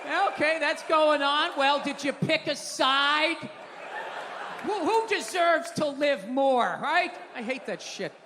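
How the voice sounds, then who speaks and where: High-pitched ranting man on a stage. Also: expressive, slow. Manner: ranting, profane, shouting punchlines. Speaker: stand-up comedian. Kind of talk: stand-up comedy set. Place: live comedy venue stage. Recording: reverberant live hall with crowd noise. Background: audience laughter.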